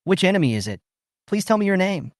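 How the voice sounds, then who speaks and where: A man voicing an arrogant, hot-tempered young nobleman in a recap story, boastful and quick to anger. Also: high-pitched, very animated, dry recording, clean studio sound, voice pushed up. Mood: angry. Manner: boastful, angry.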